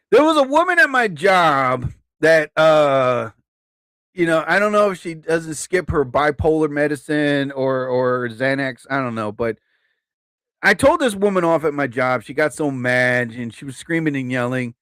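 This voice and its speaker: A chatty man in his fifties spins stories for a live-stream audience, his slightly high voice swinging up and down as he laughs at his own jokes. The sound is dry and close, with no room around it. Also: animated, normal speed, fairly bright tone, smooth, no room sound. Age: 50s. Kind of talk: casual live-stream storytelling.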